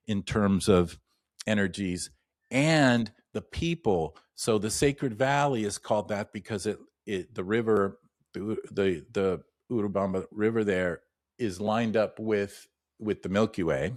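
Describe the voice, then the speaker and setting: A man's voice: on the low side, measured pace, no room sound, studio quality. A man, a shamanic practitioner, talking as an interview guest and telling rambling stories with many restarts and asides. He livens up when he retells anecdotes. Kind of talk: casual interview storytelling.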